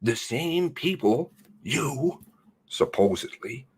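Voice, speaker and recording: A man hosting his own channel, reading out a news release in a furious, swearing rant that swings from shouts to hushed mutters. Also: mid-range voice, expressive, slow, breathy edge. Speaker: channel host.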